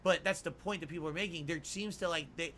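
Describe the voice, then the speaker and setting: Rambling male streamer, high bright voice, faint background noise. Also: fast. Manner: rambling, speculative. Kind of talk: rambling monologue.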